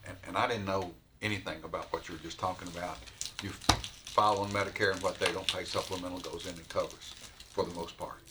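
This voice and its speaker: An older man on the committee, asking questions haltingly and repeating words. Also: low-pitched. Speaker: committee member. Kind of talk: questioning at a public meeting. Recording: clear background noise.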